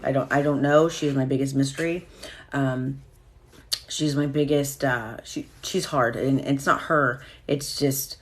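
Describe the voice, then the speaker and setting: A woman's voice: a bass voice, fairly even intonation, a little slow. A woman hosting a casual live stream, talking candidly and swearing freely as she reacts to viewer comments.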